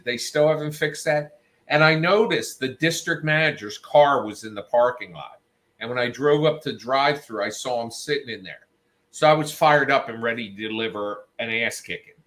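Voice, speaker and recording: A man's voice: mid-range voice, fairly bright tone. A man hosting a show, telling a story in a casual, profane, worked-up rant and quoting people in raised voices. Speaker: show host.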